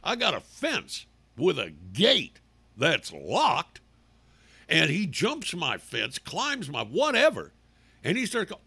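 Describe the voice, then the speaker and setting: A man hosting a talk show, ranting angrily and profanely, swinging from shouts to mutters. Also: on the high side, wildly swooping pitch, unhurried, creaky, breathy edge, dry recording. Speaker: radio talk host. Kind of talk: angry political rant.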